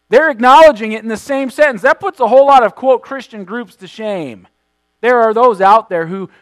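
High-voiced man preaching emphatically. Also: no room sound, low-quality recording. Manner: emphatic preaching, stressing key words by slowing down and swelling in volume; repeats words while restarting phrases. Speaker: pastor. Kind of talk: sermon.

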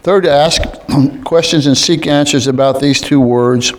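A man leading a group Bible study in a room with others present, halting, with many restarts and frequent throat clearing. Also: on the high side, slight background noise.

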